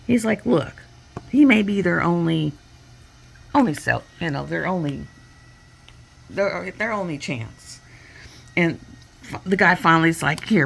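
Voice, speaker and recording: A woman's voice: fairly low pitch, vocal fry, a bit bright, slight background noise. A woman, a crafting vlogger chatting casually and retelling a story with quoted voices at her home workstation.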